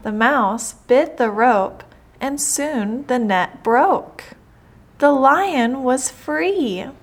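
A woman reading a children's fable aloud, slowly and carefully. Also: high voice, expressive. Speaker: storyteller. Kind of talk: slow read-aloud children's story.

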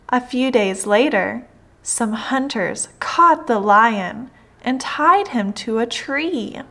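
A woman reading a children's fable aloud, slowly and carefully. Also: medium pitch, a bit bright. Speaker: storyteller. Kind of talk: slow read-aloud children's story.

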